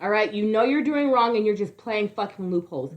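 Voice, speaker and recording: A woman's voice: mid-range voice, brisk, lo-fi sound. A woman co-hosting a podcast in casual, profane chat, ranting and mocking people in put-on voices. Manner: profane, animated, mocking impressions. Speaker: podcast co-host.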